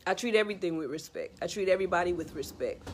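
A woman's voice: fairly low pitch, fast talker, a little hiss or hum. A woman in a casual, heartfelt monologue giving life advice straight to the listener, earnest and repetitive.

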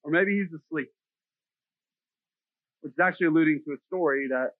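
A man's voice: a little high, fairly quick, no room sound. A middle-aged man preaching a sermon in a jokey, self-deprecating, conversational way. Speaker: pastor. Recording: dry, tinny phone-like sound.

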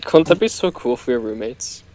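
A man's voice: medium pitch, lively intonation, normal speed, a loud crowd, poor audio. Teenage boy steering podcast chat. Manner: agreeable, steering the talk. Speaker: podcast co-host. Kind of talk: casual late-night chat.

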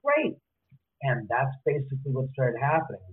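A man telling stories as an interview guest, lively, acting out the voices of people he quotes. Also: on the high side, moderate pace. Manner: animated, acts out quoted voices. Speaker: author and guest. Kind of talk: casual storytelling interview. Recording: tinny phone-line audio.

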